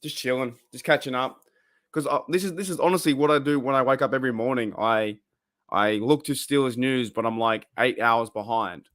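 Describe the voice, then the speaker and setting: A young Australian man rambles through a casual livestream, reading chat and thinking out loud. His voice sits at an ordinary middle pitch, loose and easygoing, with plenty of fillers between thoughts. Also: fairly quick. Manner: rambling, reads chat aloud, loose and chatty. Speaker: livestream host.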